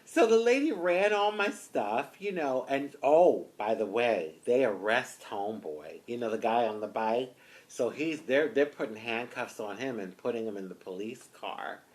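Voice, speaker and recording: A woman from the United States telling a personal story in an animated, expressive way, often saying "honey". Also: very deep voice, normal speed. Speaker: vlogger.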